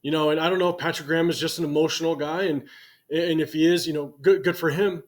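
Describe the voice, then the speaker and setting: A man's voice: on the high side, steady tone, fast. A man in his forties giving casual, conversational sports commentary to his channel's viewers, thinking aloud as he goes. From United States.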